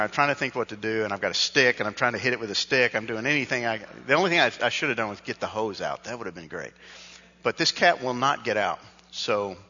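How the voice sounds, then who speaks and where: Bright-voiced pastor telling a story. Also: male voice, medium pitch, breathy edge. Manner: animated, self-mocking storyteller who acts out dialogue. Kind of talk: sermon storytelling. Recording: dull recording with long hall reverb.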